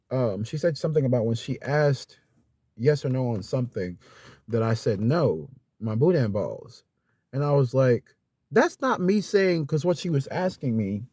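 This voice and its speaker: Exasperated man vlogger, rambling storytime, mellow tone, dry close sound. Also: medium pitch, no room sound. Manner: rambling, exasperated retelling with acted-out quotes; swears casually. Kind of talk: casual storytime rant.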